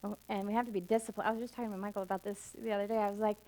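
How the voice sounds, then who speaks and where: A middle-aged woman minister giving a conversational sermon, moving from emphatic high points to soft, intimate asides. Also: little pitch movement, very fast. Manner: conversational storytelling, swinging from emphatic highs to soft intimate lows.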